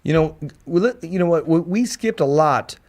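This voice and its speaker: A man hosting a casual boxing podcast interview, energetic and quick to repeat his words. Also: a little high. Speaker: podcast host.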